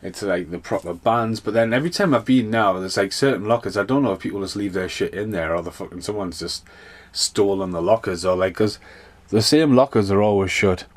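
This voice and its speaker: A man's voice: lowish voice, a little fast. A man hosting a podcast, rambling through a casual, sweary solo rant. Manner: rambling, sweary, animated storytelling. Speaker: podcast host.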